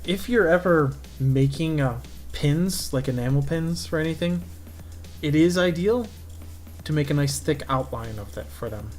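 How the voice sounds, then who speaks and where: A man who is a cartoonist, chatting casually while he inks a drawing on stream and trailing off into low-key asides to himself. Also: expressive, moderate pace, a little mellow, faint music behind. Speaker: cartoonist streaming his inking.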